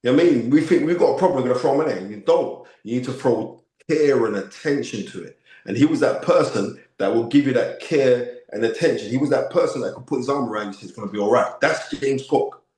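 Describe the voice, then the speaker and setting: A man of fifty with a London accent, telling stories as a podcast guest in an emphatic, animated way. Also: medium pitch, fairly quick. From United Kingdom. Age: 50s. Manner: emphatic, acts out quoted voices, frequent "you know what I mean". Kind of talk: animated interview storytelling. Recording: echoey room.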